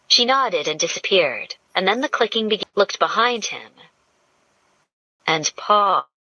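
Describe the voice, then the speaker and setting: A woman narrating an audiobook in a slow, measured storytelling manner. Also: mid-range voice, expressive, pushed and bright, no room sound. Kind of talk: scripted narration. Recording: dull lo-fi dry audio.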